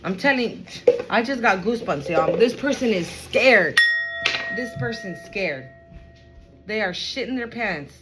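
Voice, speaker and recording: Slow, emphatic woman giving a reading. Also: medium pitch, animated, loud music behind the voice, rough recording. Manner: emphatic, repeats phrases, addresses viewers as y'all. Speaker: tarot reader. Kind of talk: spiritual reading to camera.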